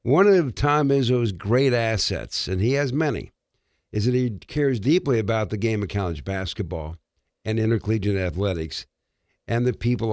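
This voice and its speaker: A man's voice: medium pitch, dry recording. Man, sports talk co-host, earnest reflective commentary, dry sound.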